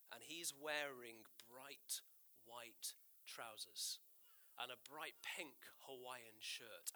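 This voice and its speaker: A man preaching a sermon, telling a story in an animated, theatrical way with playful asides and big swings in loudness. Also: fairly high pitch.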